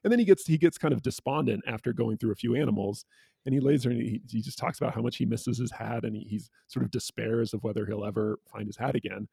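A man co-hosting a casual book discussion, retelling a picture book and slipping into quick quoted voices. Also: mid-range voice, gravelly, warm tone, breathy edge, dry recording. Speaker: co-host.

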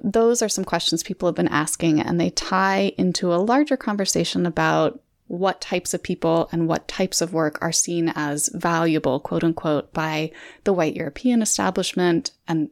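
A woman with a lowish, gravelly voice co-hosts a podcast discussion. She talks in a measured, thoughtful way, laying out her points conversationally. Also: steady tone. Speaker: podcast co-host.

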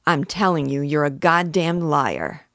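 A woman voicing a furious young homesteader shouting back. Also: deep voice, very animated, a little slow, no room sound, studio quality, exaggerated voice. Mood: defiant. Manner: shouting, defiant. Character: angry young male homesteader, stubborn.

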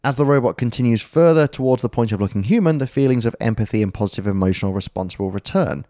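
A podcast co-host with a medium-pitched, dark-toned voice talks fast in clean studio sound with no echo. He explains a concept in casual conversation, rambling, joking, and correcting himself as he goes.

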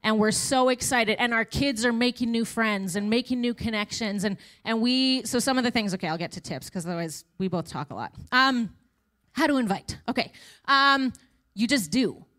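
A woman's voice: on the high side, fairly bright tone. Chatty woman sharing church testimony. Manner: chatty, self-deprecating, quick asides. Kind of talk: casual testimony talk in church.

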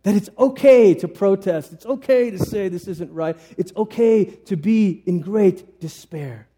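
Mellow-voiced earnest male preacher. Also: sits high, unhurried, slightly rough. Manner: earnest, with frequent restarts and sudden emphatic swings in volume. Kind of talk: conversational sermon.

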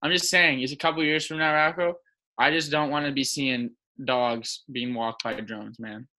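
Bright-voiced young man joking crudely. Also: medium pitch, fairly even intonation, normal speed, poor audio. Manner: crude, rambling, laughs often. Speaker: podcast co-host. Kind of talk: casual comedic chat.

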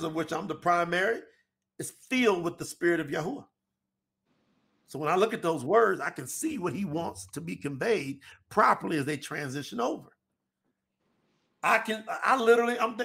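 A man with a high, bright, ringing voice teaches about scripture translation. He drives each point home emphatically and keeps throwing rhetorical questions at his listeners. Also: vocal fry. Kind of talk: religious teaching talk.

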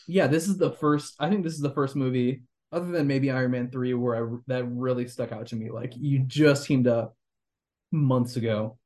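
A man's voice: mid-range voice, steady tone, normal speed, darkish tone. A young man hosting a podcast, rambling critically about a movie with lots of fillers and restarts. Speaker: podcast host. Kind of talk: casual movie review chat.

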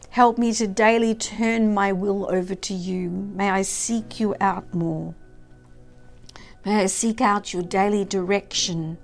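A woman sharing a personal reflection and then leading a heartfelt spoken prayer, earnest and soft, sometimes dropping to a hushed whisper. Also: mid-range voice. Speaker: prayer leader. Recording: faint music behind.

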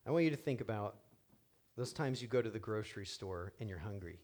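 A middle-aged man preaching a sermon as pastor, animated and joking, acting out quotes in different voices. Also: fairly low pitch, fairly quick.

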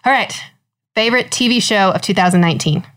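A woman's voice: mid-range voice, fast talker, a bit bright. A woman co-hosting a podcast in casual chat, upbeat and giggly with brief answers. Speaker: podcast co-host.

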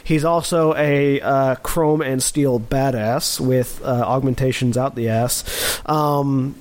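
A man's voice: mid-range voice, fairly even intonation. Stammering, joking man at the game table. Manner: halting, many fillers and restarts, jokey. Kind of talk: casual in-character introduction.

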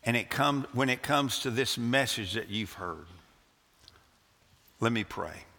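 A man preaching a sermon as pastor, earnest and stumbling over restarts, his pitch and volume rising and falling as he presses his point. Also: lively intonation, moderate pace, sharp tone, big-room sound. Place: church sanctuary.

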